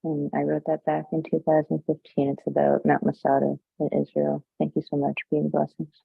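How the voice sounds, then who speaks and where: A woman poet reads her own verse in a flat, gravelly voice. Her delivery is measured and declamatory, and the sound comes through a tinny, phone-like video call with a dry, close feel. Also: sits low, no echo. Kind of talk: reading her own poetry aloud.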